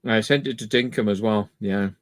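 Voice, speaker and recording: A man, telling a story in a casual chat as a guest calling in, animated and swearing freely. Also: lowish voice, moderate pace. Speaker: guest on call.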